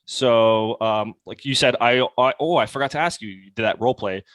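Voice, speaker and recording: A young man, a sales coach guest on a podcast, explaining his methods in a casual, animated way with lots of "like.". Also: mid-range voice, normal speed, no echo. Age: young adult. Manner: casual, animated, heavy use of "like". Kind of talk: conversational podcast interview.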